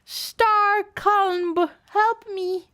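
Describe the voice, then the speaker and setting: A woman voicing a young female apprentice cat from a fanfic, dramatic and flustered, in a high, overwrought delivery. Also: fairly even intonation, drawn-out words, bright, forceful tone, full character voice.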